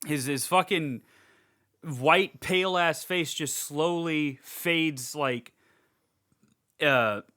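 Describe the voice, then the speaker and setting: A man co-hosting a horror podcast, recapping a film in an excitable, rambling casual chat and swearing freely. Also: a little high, extremely slow, pauses often. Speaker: podcast co-host.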